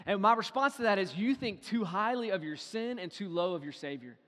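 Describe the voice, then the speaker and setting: A man preaching a sermon as pastor, moving between hushed, quiet passages and loud, emphatic ones. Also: sits high, lively intonation, brisk. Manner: dynamic preaching, swinging from hushed to loud and acting out quotes. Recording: long reverb in a large hall.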